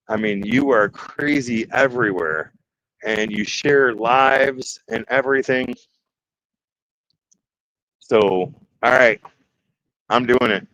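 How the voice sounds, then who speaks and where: A man from the Detroit area talks slowly, with long pauses, in a mid-range, fairly bright voice on a muffled recording. It's a casual woodworking livestream where he jokes, reads chat out loud and lets slip nervous exclamations.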